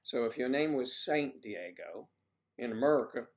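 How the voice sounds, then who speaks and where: A man's voice: medium pitch, animated, moderate pace. A man hosting a casual livestream, rambling and joking as he answers viewers' comments. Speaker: livestream host.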